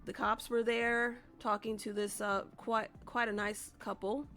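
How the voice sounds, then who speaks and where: A woman's voice: on the high side, flat delivery, measured pace, sharp tone, soft background music. A woman streamer casually telling a rambling, profane story to her live chat. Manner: chatty, profane, rambling with restarts.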